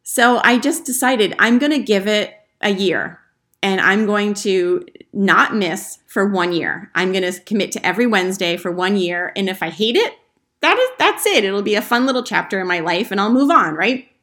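A woman's voice: medium pitch, animated, normal speed, fairly bright tone. A woman hosting her own podcast, telling a personal story in an earnest, chatty way. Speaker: podcast host. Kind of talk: casual solo podcast monologue.

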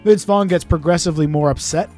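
Male podcast co-host, fast, mellow storyteller, casual and profane. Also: a little high, faint music behind. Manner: fast, swearing storyteller who acts out quotes.

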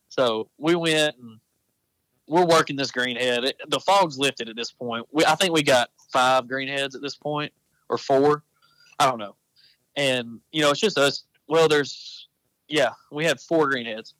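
A man's voice: mid-range voice, normal speed, fairly bright tone, no room sound, rough recording. A man telling hunting stories in casual podcast chat, rambling and correcting himself as he goes. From Texas. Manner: rambling, self-correcting storyteller. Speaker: podcast guest, apparel company founder.

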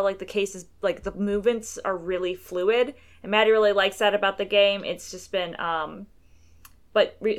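Here is a woman co-hosting a laid-back podcast, her voice sitting at an ordinary pitch for a woman. She reads a listener's email aloud, loose and chatty, filling the gaps with lots of ums and uhs. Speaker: podcast co-host. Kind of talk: casual chat.

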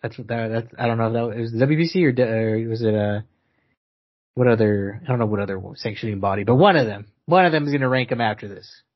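A man's voice: mid-range voice, fast, lo-fi sound. A man co-hosting a podcast in casual chat, joking and teasing, swearing often. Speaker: podcast co-host. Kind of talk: casual chat about boxing.

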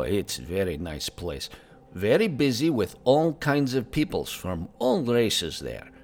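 A man's voice: on the low side, a little hiss or hum, full character voice. A man voicing a married middle-aged male Draenei traveler who speaks broken English and drops his articles, in an in-character tavern review podcast. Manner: plain, matter-of-fact, teasing.

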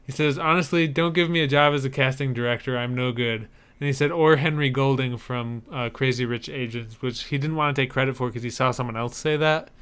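A man's voice: medium pitch, a bit bright, clear, resonant tone. A man co-hosting a podcast in casual chat, wry and chuckling as he reads out listener emails. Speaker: podcast co-host.

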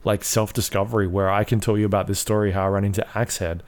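A man's voice: lowish voice, flat delivery, quick pace. A man co-hosting a casual podcast, rambling and full of fillers, swearing freely as he talks through his thoughts. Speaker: podcast co-host. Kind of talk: casual chat about video games.

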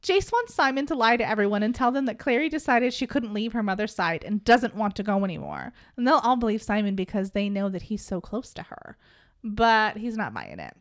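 A woman casually recapping a book chapter for friends, animated and joking, swearing now and then. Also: medium pitch, fairly quick. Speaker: podcast host recapping a book.

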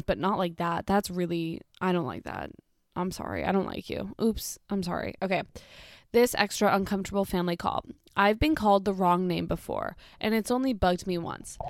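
A young pregnant woman who makes storytime content chats casually while reading embarrassing stories aloud, blunt, incredulous and swearing freely. Her voice is medium in pitch, recorded in studio quality with no echo.

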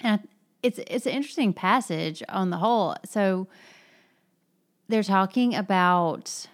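A woman in a casual book discussion, retelling scenes in a lively, chatty way. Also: medium pitch, measured pace.

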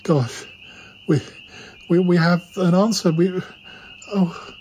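A man's voice: high voice, steady tone, slow, a little mellow, breathy edge, low-quality recording. A man hosting a comedy podcast, talking in a flustered, stammering way. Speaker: podcast host. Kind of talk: comedic improvised chat.

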